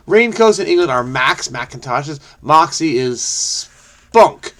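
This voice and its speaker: A man solving a crossword aloud, muttering clues to himself and breaking into sudden excited outbursts. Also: on the high side, moderate pace. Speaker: crossword solver, channel host. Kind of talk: casual think-aloud puzzle solving.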